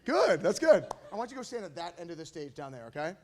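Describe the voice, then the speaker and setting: A man's voice: high-pitched, very animated, fast talker, a little mellow. A man on stage at a school awards night, giving a speech to graduating students with jokes and encouragement. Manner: joking, encouraging, playful asides. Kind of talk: speech to an audience.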